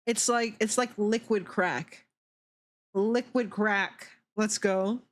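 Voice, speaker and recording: A woman's voice: mid-range voice, steady tone, slow pace. A young adult woman streamer chatting casually, giggling a lot and swearing as she reacts to chat.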